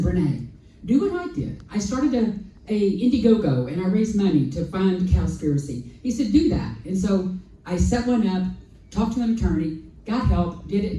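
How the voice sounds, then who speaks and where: A woman telling an animated personal story on a festival panel, acting out quoted dialogue and repeating lines for emphasis, heard from a distant mic. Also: fairly low pitch. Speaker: sanctuary founder on a festival panel. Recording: echoey hall, voice from far off.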